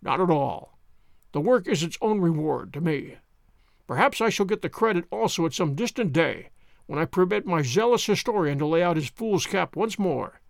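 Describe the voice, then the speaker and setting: A man's voice: on the high side, animated, normal speed, vocal fry, dry recording, clean studio sound. A man reading the lines of a confident, wry detective, poised and commanding in an audiobook. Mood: assured. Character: sharp, confident male detective, theatrical.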